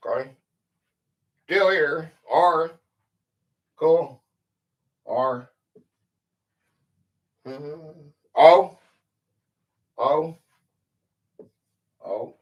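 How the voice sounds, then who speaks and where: Bright-voiced, slow-talking male quiz host. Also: on the high side. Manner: reads out quiz questions, spells and counts letters aloud, greets chat viewers by name; chatty, easily amused. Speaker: quiz game livestream host. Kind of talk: casual live-stream chat.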